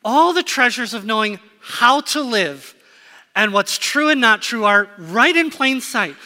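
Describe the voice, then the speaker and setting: A man's voice: very high voice, animated, a little slow, pushed and bright, long reverb tail. A man preaching a sermon to a congregation in a conversational style, often asking the listeners questions. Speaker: pastor. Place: church sanctuary.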